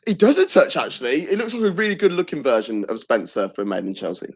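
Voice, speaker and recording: A man with an English accent co-hosting a live football watchalong, chatting casually and getting excitable at big moments. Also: medium pitch, fast talker, breathy edge. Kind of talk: casual live match reaction chat. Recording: loud crowd noise behind. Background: match crowd noise.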